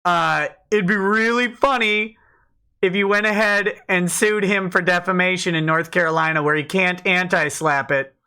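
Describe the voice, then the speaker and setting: A man's voice: high voice, steady tone, moderate pace, sharp tone, smooth. A man hosting a casual livestream, joking and rambling while reading out chat messages. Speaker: livestream host, lawyer.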